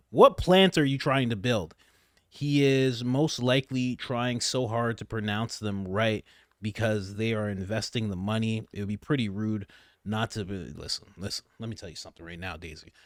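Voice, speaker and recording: A man doing casual, joking reaction commentary, ranting in an animated way. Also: medium pitch, no room sound, studio quality. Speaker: political commentator.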